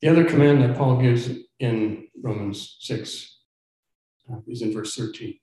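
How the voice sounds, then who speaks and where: A man's voice: mid-range voice, a little slow, dark tone. A man preaching a sermon as pastor, earnest and emphatic, sometimes stumbling and repeating words as he presses a point. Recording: very echoey church room.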